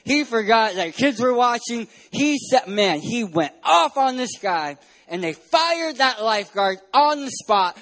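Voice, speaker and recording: High-voiced, animated young preacher man. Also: unhurried, few pauses. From San Diego, California. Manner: playful, animated storytelling, bursts of loud emphasis. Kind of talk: sermon with personal stories.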